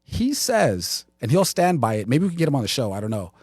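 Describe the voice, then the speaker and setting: A man co-hosting a live show, telling stories in a casual, animated way and acting out what others said. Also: medium pitch, fairly quick, slightly rough, no room sound, clean studio sound. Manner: animated storyteller, quotes others. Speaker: co-host. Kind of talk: casual chat.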